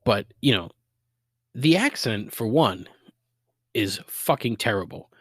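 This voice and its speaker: A man with a thick Boston accent rants alone into the mic, swearing freely and dropping sarcastic asides. His pitch leaps around as he works himself up, and the sound is dry and close, with no room around it. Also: expressive, takes it slowly, no room sound. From Boston area, USA. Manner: profane, exasperated griping with sarcastic asides. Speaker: podcast host. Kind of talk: solo podcast rant.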